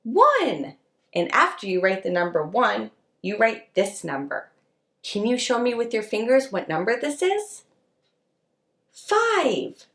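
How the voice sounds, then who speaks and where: A woman leading a preschool circle time lesson, talking to young children in a slow, sing-song, encouraging way. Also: medium pitch, lively intonation, roomy sound. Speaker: preschool teacher.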